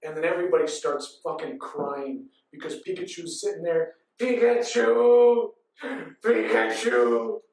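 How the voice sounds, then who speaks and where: A man's voice: a little high, fairly even intonation, normal speed, hardly any pauses, darkish tone. Breathless run-on storyteller, a man in his 30s. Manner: breathless, run-on storytelling with frequent ands and laughs. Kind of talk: rambling comic recap. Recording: echoey hall from far off.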